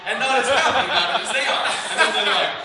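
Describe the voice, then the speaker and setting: A young man doing a stand-up set in a small comedy venue, self-mocking, profane and excitable. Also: extremely high pitch, fast talker, a faint crowd. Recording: echoey room, distant mic, faint noise.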